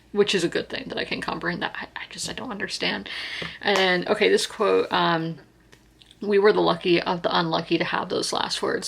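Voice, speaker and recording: A woman in her twenties from South Carolina talks through her reading in a casual book vlog. Her voice sits a little low and is full of vocal fry. She rambles warmly, with frequent fillers and restarts. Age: 20s. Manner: chatty, rambling, heartfelt, many fillers and restarts. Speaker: book vlogger.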